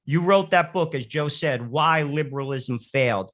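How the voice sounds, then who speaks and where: A man's voice: on the high side, normal speed, fairly bright tone. A man co-hosting a Catholic talk radio show, energetically leading a recited prayer and then posing questions to the guest.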